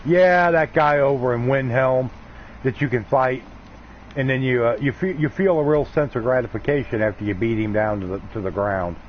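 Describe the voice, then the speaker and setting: A man's voice: medium pitch, moderate pace, a little hiss or hum. A man hosting a game livestream, chatting casually and rambling in a laid-back, folksy way. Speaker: gaming livestream host. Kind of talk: casual chat while streaming a game. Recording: slightly dull lo-fi stream audio.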